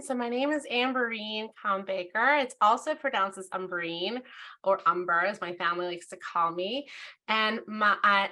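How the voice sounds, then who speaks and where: A woman hosts an online education session, and her voice comes through bright and clear. She talks in a casual, animated way, with her pitch climbing whenever she tells a story. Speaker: webinar host. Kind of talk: casual presentation.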